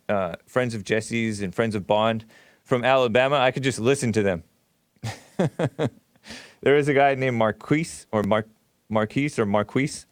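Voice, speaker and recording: A man's voice: medium pitch, smooth, no room sound, clean studio sound. A man hosting a call-in talk show, chatting easily and laughing now and then. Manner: easygoing, chatty, laughs often. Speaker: radio talk show host.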